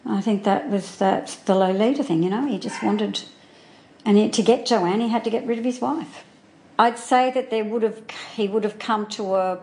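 A woman being interviewed, recalling events from years ago in halting, earnest speech that often restarts mid-sentence. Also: medium pitch, darkish tone. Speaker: interviewee, former neighbour and friend. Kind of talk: recounting memories in an interview.

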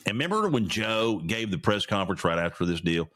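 A man's voice: on the low side, sing-song, a little fast, fairly bright tone. Guy ranting on his own podcast, all worked up, voice jumps all over, keeps tripping over his words. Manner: ranting, indignant, stammering restarts. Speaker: podcast host. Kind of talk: opinionated solo commentary.

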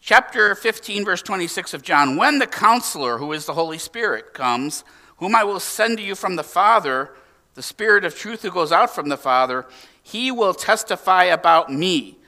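Male pastor, higher-pitched bright voice, animated sermon delivery, slightly distant church mic. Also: normal speed. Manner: animated preaching with emphatic rises and hushed drops.

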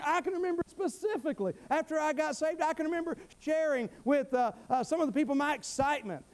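A middle-aged man preaching a fervent, folksy sermon, often repeating himself and calling out amen. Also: very high voice.

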